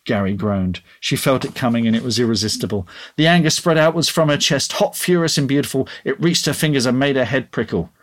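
A man reading his own story aloud in an expressive audiobook style, then chatting casually. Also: medium pitch, brisk.

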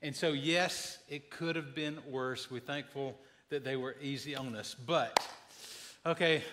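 A man's voice: mid-range voice, fairly even intonation, unhurried, very noisy. A man in his fifties preaching a sermon, telling folksy, joking stories as the pastor.

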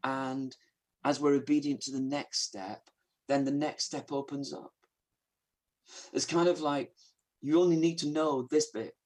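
A man preaching a sermon in an earnest, emphatic way, moving between hushed and raised delivery. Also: medium pitch, fairly even intonation, measured pace, pauses often.

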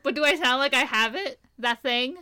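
A woman's voice: sits high, normal speed, bright, forceful tone, smooth. A young woman from Maryland co-hosting a podcast, rambling and giggling through casual questions. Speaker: podcast co-host.

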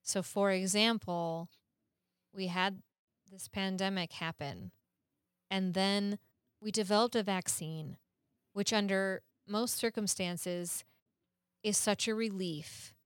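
A woman's voice: mid-range voice, fairly even intonation, takes it slowly, clean tone, no room sound. Woman rambling earnestly on a podcast, laughs a lot, swears a bit, dead dry mic. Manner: earnest, explanatory, laughs often; curses casually. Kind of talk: casual chat.

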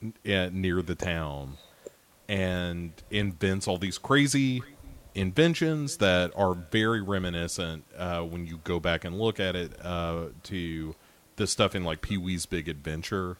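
A man's voice: low-pitched, measured pace, a bit bright. A man hosting a podcast, chatting casually about films in a rambling, self-deprecating way. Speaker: podcast host.

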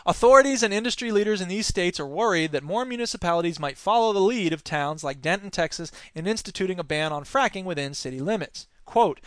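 Male podcast host, fairly high voice, sarcastic news commentary. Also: dry recording. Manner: sarcastic, animated asides.

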